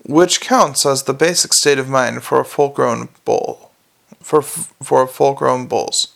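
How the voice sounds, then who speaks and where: A man reading a comic novel aloud as a narrator, in a wry, measured storytelling manner. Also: medium pitch, creaky, fairly bright tone. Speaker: audiobook narrator. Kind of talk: scripted narration.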